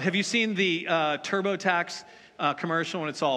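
A man's voice: high-pitched, lively intonation, moderate pace, bright, forceful tone. A man preaching a sermon as pastor, speaking emphatically and directly to his congregation. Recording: long reverb of a large hall.

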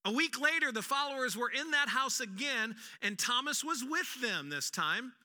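A male pastor giving a sermon, an animated storyteller who acts out quotes with humor, in an echoey hall. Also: very high voice, normal speed.

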